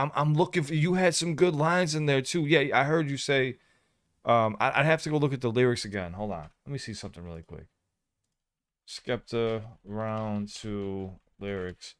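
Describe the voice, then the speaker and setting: A man hosting a reaction video, thinking aloud in casual commentary. He stumbles and restarts his words, bursting out loudly one moment and muttering the next. His voice is smooth and resonant, recorded close and dry. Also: medium pitch, dry recording. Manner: excitable, restarts words, swings from loud outbursts to mutters.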